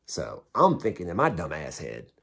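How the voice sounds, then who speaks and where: A man's voice: low voice, huge pitch swings, moderate pace, vocal fry, a bit bright, breathy edge. A man telling a story in a casual way, blunt and heavily profane, and mocking himself. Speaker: vlogger recounting prison time.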